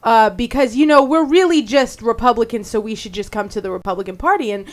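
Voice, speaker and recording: A woman who is a studio guest on a talk radio show, telling stories with animated emphasis. Her voice sits a little high. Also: fast. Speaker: studio guest, political party activist. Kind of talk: casual talk radio chat.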